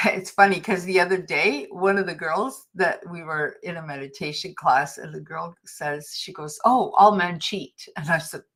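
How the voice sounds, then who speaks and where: Woman, middle-aged, low pitch, casual motivational talk, chatty, storytelling. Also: steady tone, normal speed, fairly bright tone. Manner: chatty, anecdotal, laughs often. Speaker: livestream host.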